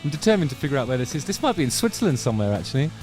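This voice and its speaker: Hosting a music review video, a man gives casual reaction commentary very fast and very animated, in a medium-pitched, darkish voice, musing and trailing off into self-corrections as faint music from the reviewed video plays underneath.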